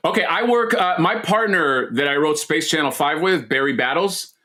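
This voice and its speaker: A man's voice: a little high, moderate pace, bright, forceful tone. Easygoing man chatting, casual swearing. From Florida, USA. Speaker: podcast co-host. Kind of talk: casual chat.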